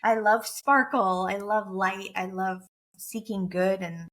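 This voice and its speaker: A woman's voice: medium pitch, steady tone, slow, fairly bright tone. Earnest woman telling a heartfelt story. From United States. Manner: earnest and emotional, repeating key phrases. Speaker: guest, motivational speaker and coach. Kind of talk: heartfelt personal storytelling in an interview.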